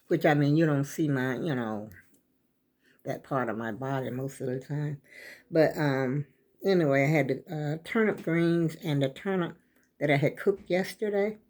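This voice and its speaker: A woman's voice: low-pitched, a little mellow. An older woman chatting casually and rambling to her viewers as a vlogger, her throat scratchy and catching on coughs. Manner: rambling, folksy, talks straight to viewers.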